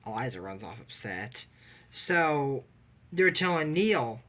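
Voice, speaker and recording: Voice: mid-range voice, big pitch swings, slow pace, a bit bright. A casual vlogger recapping an anime episode, rambling and opinionated, with lots of fillers.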